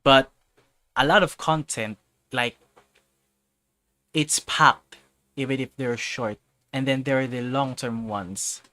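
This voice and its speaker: On a live stream, a man chats casually in English, his second language, rambling and often restarting or repeating himself. He speaks slowly with long pauses, in a medium-pitched, bright, forceful voice, and the audio has no echo.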